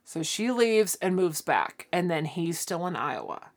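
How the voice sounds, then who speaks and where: A woman's voice: on the low side, unhurried. A woman co-hosting a podcast, chatting casually and acting out characters' lines as she retells a sitcom plot. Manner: animated, acts out characters' lines while retelling. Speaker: podcast co-host. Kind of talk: casual chat recapping a sitcom.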